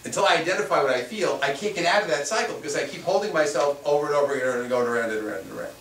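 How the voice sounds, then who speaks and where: Male spiritual teacher addressing a small room, somewhat high-pitched, recorded from across the room. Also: rapid-fire, fairly bright tone. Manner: repetitive, asks rhetorical questions. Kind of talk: workshop teaching to a live audience. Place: room with a small live audience. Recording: echoey room, mic far off, faint noise.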